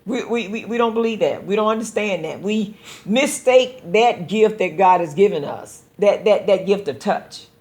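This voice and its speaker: A woman's voice: medium pitch, moderate pace, darkish tone. Earnest woman pastor hosting a show. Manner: earnest, exhorting, addresses listeners directly with repeated phrases; stammers on repeated words while building a point. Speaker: pastor and radio show host. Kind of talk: preaching-style call-in show talk.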